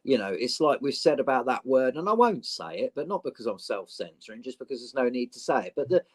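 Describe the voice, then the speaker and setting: A man's voice: mid-range voice, fast, breathy edge. A man hosting a casual podcast chat, chatty and peppering his talk with "mate". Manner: chatty, animated, says "mate" constantly. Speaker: podcast host.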